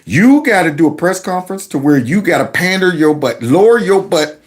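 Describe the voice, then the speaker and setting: Animated, mocking male commentator. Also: high-pitched, moderate pace. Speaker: commentary channel host. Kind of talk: political commentary vlog.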